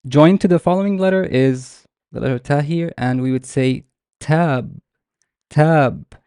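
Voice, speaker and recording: Fairly high in pitch, smooth and mellow, a young man leads a live online Arabic lesson for beginners. He explains the letters patiently and says example words again slowly, and the studio sound is clean with no echo.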